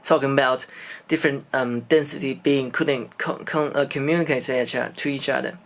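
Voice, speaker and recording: A man's voice: medium pitch, fairly even intonation, a little fast. A man from China, speaking English and telling a personal story in a casual vlog, hesitant and searching for words. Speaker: vlogger.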